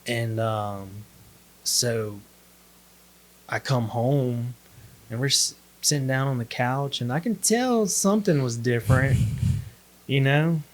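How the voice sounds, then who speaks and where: A man talks through his own testimony as a podcast guest. He is relaxed and easygoing, with a mid-range voice, and he acts out the other people's lines as he tells it. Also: medium pitch, slow pace, pauses often. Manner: laid-back storyteller, acts out quotes. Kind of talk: casual testimony chat.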